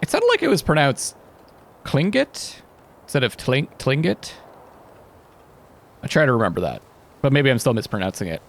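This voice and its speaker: A man doing relaxed gameplay commentary, thinking out loud in a chatty way. His voice is gravelly, and his pitch swings widely as he talks. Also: very fast. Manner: chatty, muses aloud, wonders about pronunciation. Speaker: let's play host.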